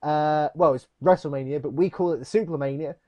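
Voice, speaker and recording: A man's voice: a little high, a little fast, dull audio. A man co-hosting a casual chat show, dry and steering the talk back to the agenda. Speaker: podcast co-host.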